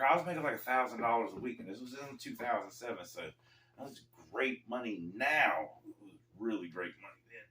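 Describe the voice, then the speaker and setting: A man's voice: mid-range voice, animated, a little fast, pushed and bright, a little hiss or hum. A man casually telling a personal story in loose, slangy talk, calling his viewers folks, recorded at a gym. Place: gym during a workout. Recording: roomy, distant mic.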